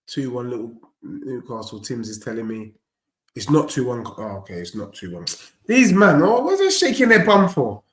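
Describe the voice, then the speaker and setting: A young man, hosting a live football watchalong, bantering in slang and reacting loudly to the play. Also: mid-range voice, very animated, normal speed, echoey room. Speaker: fan channel host.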